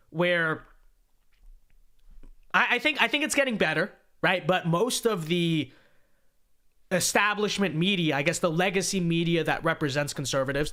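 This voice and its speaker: A man hosting a political commentary livestream, reading viewer donations aloud and reacting in an animated way, often repeating his first words. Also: sits high. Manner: animated, repeats words when starting sentences. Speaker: show host.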